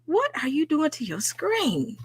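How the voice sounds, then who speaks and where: A woman with a Southern US accent hosts a late-night livestream in an animated, chatty way, though she is tired after a day of work. Her voice sits fairly high and has a bright, lively tone. It is recorded close and dry on a home microphone. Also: unhurried, dry recording. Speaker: livestream host. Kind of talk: casual livestream chat.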